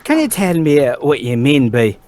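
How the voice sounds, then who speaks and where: A man voicing a calm, mysterious female pony princess who speaks in a measured, secretive and hesitant way. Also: on the high side. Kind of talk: comedic read-aloud of fan fiction.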